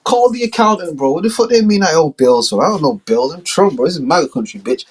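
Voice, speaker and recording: A man voicing a brash, drunk, boastful male leader who shouts indignantly in street slang. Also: on the high side, lively intonation, fast talker, husky, pitched above the performer's own voice. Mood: indignant ranting.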